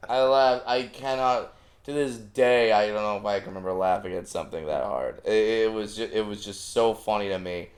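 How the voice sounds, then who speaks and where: Low-voiced man telling animated stories. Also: normal speed. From Southern California. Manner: animated storyteller, acting out family anecdotes. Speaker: comedian guest. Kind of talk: casual podcast chat.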